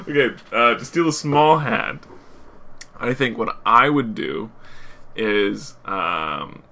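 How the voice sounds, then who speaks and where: Podcast cohost guy, really lively up and down voice, bright, laughs a lot. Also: medium pitch, very slow, creaky, long pauses. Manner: playful, laughs easily, animated storytelling. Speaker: podcast co-host. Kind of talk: casual comedic chat.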